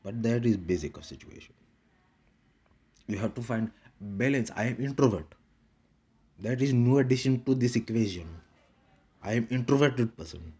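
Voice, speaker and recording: A man's voice: mid-range voice, lively intonation, normal speed, long pauses, darkish tone, slightly rough, lo-fi sound. A man rambling in a casual monologue with a put-on Indian English accent, repeating short clipped broken-English phrases. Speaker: vlogger.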